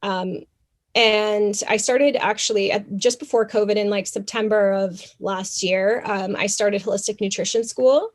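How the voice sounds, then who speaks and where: A young adult woman from Canada, a podcast guest telling a story in an animated, chatty way with many fillers. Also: mid-range voice, unhurried. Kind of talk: casual interview storytelling.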